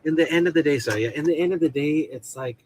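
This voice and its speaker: On a casual video call, a guest who sells toys and comes from the Filipino community talks fast in a slightly mellow voice on the high side. He rambles, repeating "at the end of the day," over low-quality audio with a bit of hiss or hum.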